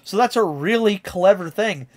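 A man's voice: sits high, expressive, normal speed. A man streaming a casual reaction, chatty and enthusiastic as he explains lyrics.

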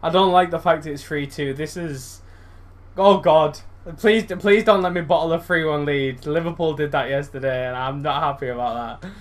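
A young man commentating live on his own football video game match. He is excitable, shouting encouragement and groaning at his players, with his voice jumping sharply higher when a chance comes. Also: moderate pace. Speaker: gaming YouTuber.

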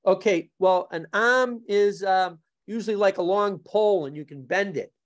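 A man's voice: high voice, normal speed. A man who is a martial arts instructor and guest on a podcast, telling joking stories in casual chat and struggling to pronounce his R sounds. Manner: joking, anecdotal.

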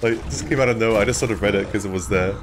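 A man's voice: fairly low pitch, rapid-fire, background noise. A man streaming a game, rambling and apologetic, laughing often and filling gaps with ums. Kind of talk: casual live-stream chat.

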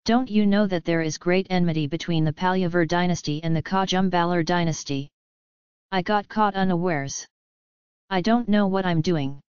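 Woman voicing a young male warrior, boastful, audiobook, low-ish smooth voice. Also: moderate pace, darkish tone, no room sound, lo-fi sound, natural voice. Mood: worried. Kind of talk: audiobook character reading.

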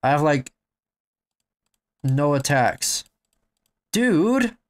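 Excitable young man gaming, lively pitch. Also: measured pace. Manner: excitable, shouting and swearing at the game. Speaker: gamer. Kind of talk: let's play commentary.

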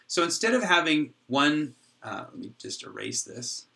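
A man giving a whiteboard tutorial on how his software works, thinking aloud with frequent restarts and pauses. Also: a little high, big pitch swings, creaky. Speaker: software developer explaining his code. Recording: voice from a distance off the mic.

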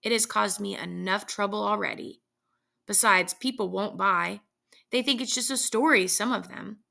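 A grave old soldier warns with slow, stubborn solemnity, as a woman reads him aloud. The voice is heavily gravelly yet bright and forceful. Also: mid-range voice.

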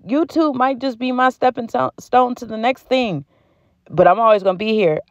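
A woman's voice: fairly high pitch, moderate pace, dry recording. A woman vlogger from the United States, chatting casually and slangily straight to her viewers about deals and her life. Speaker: beauty and home-goods vlogger. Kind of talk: casual chat to camera. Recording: dry, slightly muffled sound.

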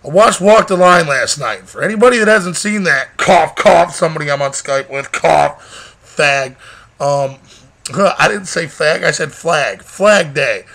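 A man's voice: a little high, lively intonation, unhurried, gravelly, fairly bright tone. A young man vlogging casually, rambling and joking with heavy profanity. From Michigan, USA. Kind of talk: casual vlog rant.

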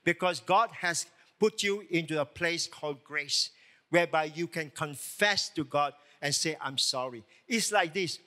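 A male pastor delivers a sermon in a high, bright voice that cuts through clearly. He leans hard on key words and keeps asking his listeners rhetorical questions. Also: measured pace. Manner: emphatic preaching with rhetorical questions. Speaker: lead pastor.

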